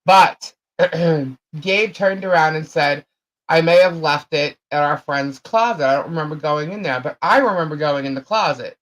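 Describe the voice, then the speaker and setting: A woman's voice: deep voice, normal speed, poor audio. A woman co-hosting a live chat show, telling a long story in a rambling way, full of fillers and repeated phrases.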